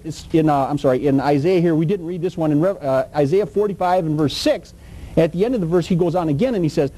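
A man's voice: fairly high pitch, mellow, poor audio. A man preaching a sermon in a folksy, emphatic, colloquial way.

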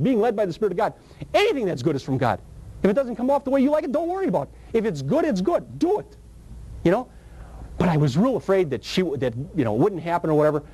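A man preaching his testimony in a husky voice that swings high and low with animated emotion. He talks fast and races through the story, breaking into sudden excited peaks. His pitch sits fairly high for a man. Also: low-quality recording. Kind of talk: testimony sermon.

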